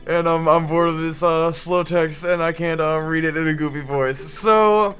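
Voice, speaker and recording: A young man co-hosting a let's play, relaxed and teasing, laughing often as he chats. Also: on the high side, normal speed, clear, resonant tone, faint music behind. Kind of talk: casual gaming commentary.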